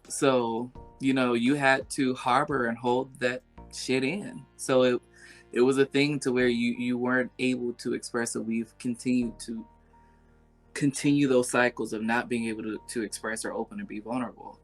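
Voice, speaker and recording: A man hosting a podcast conversation, reflective and measured as he asks questions. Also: mid-range voice, fairly even intonation, faint music behind. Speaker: podcast host. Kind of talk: casual interview conversation.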